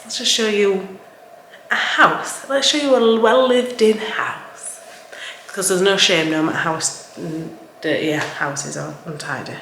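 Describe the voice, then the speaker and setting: A woman's voice: medium pitch, fairly bright tone. A young woman with a broad Yorkshire accent talks in a loose, rambling way, full of fillers. Her voice bounces around a hard, echoey kitchen. A faint hiss sits behind it. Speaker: cleaning vlogger. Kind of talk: casual vlog chat. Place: home kitchen. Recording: echoey room with faint background noise.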